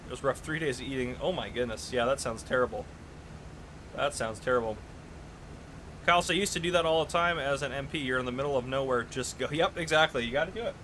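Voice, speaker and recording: Bright-voiced man streaming. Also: mid-range voice, a little hiss or hum, low-quality recording. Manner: chatty storyteller, reads chat aloud, laughs often. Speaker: gaming streamer. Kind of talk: casual live-stream chat.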